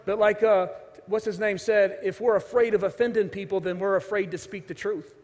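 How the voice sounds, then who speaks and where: Brief: high-pitched male pastor, storytelling sermon, swings from loud to hushed, long hall reverb. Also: fairly even intonation, brisk. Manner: storytelling, acts out quoted voices, shifts from loud to hushed. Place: church sanctuary.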